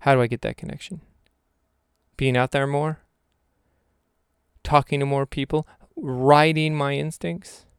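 A man's voice: a little high, steady tone, measured pace, long pauses, clean tone, dry recording, studio quality. A young man rambling through a reflective vlog monologue, questioning himself aloud with jokey asides. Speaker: vlogger.

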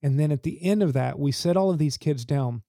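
This man, a church youth leader interviewed on a podcast, talks earnestly and makes his points through stories. His voice sits on the high side and is brisk, gravelly and warm. The sound is clean studio audio with no echo.

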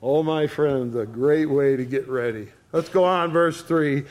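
A man's voice: fairly high pitch, a little slow, few pauses, a little mellow. A man preaching a sermon in an earnest way, speaking to his listeners as friends.

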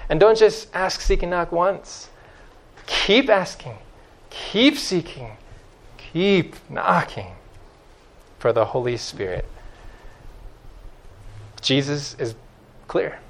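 A man preaching a sermon, emphatic and fond of repeating key phrases, swinging from loud stresses to hushed lines. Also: fairly high pitch.

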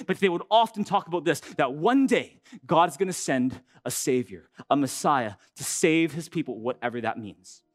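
Pastor guy preaching, pretty high voice, chatty and animated, lots of rhetorical questions. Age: adult with an older son. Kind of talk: sermon.

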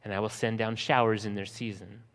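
A man preaching a sermon, slowing for emphasis and acting out scenes from the text in lively voices. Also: fairly low pitch, big-room sound. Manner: lively storytelling, acting out disciples' panic in a raised voice. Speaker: pastor.

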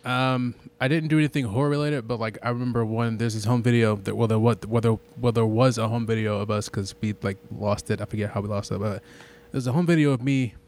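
A man chatting casually, mostly giving short relaxed replies and telling a childhood story. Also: medium pitch, quick pace, few pauses. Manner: laid-back, short agreeing replies. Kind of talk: casual chat.

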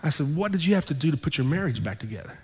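Animated pastor preaching in a reverberant hall. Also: male voice, fairly high pitch, very fast, breathy edge. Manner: animated, acts out both sides of conversations. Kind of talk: storytelling sermon. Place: church sanctuary.

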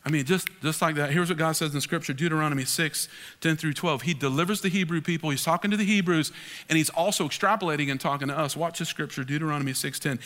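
Middle-aged male pastor, forceful, bright, animated sermon, long hall echo. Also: on the high side, fast. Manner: emphatic, animated preaching with acted-out quotes. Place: large church hall.

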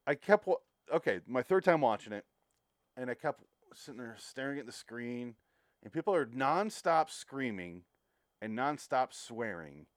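A man's voice: mid-range voice, very animated, a little slow, dry recording, clean studio sound. A man co-hosting a casual movie podcast, talking in a sardonic, profane way. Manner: profane, sardonic, mocks scenes with put-on quotes. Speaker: podcast co-host. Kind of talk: casual movie review chat.

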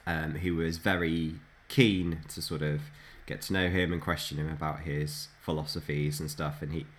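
Very deep-voiced man telling anecdotes. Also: flat delivery, normal speed. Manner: chatty, laughs often, retells anecdotes. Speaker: podcast co-host. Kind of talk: casual storytelling chat.

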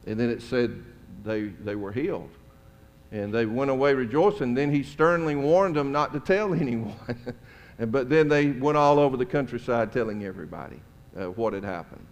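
A man's voice: mid-range voice, lively intonation, moderate pace. A middle-aged man, preaching a sermon as a pastor and telling stories in a conversational, folksy way. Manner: conversational, folksy, chuckling asides. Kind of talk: storytelling sermon. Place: church sanctuary. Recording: long church hall reverb.

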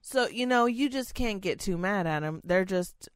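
A woman tells animated, profanity-laced stories in casual chat. The sound is close and dry, with no room around her. Her pitch sits in a middle range. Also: normal speed, clean tone, no echo.

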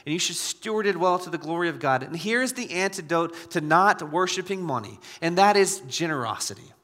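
A man pastor preaching a sermon, repeating key phrases and swinging from hushed asides to loud exhortation. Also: a little high, expressive, brisk. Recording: long church reverb.

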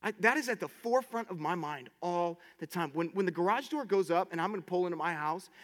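Passionate high-voiced preacher man. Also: fast, in a large hall. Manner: excited, passionate, many restarts. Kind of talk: sermon.

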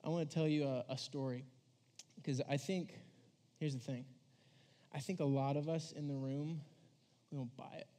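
A man's voice: on the high side, fairly even intonation, moderate pace, long pauses, mellow. A young man giving a casual storytelling sermon to a youth crowd, rambling and filling his talk with "like" as he acts out quoted voices. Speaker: youth preacher.

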